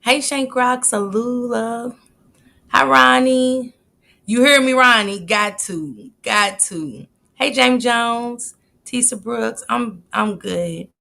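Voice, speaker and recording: A woman hosts a casual live stream. She chats in a lively way and greets viewers in the chat one by one by name. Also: on the high side, slow, gravelly.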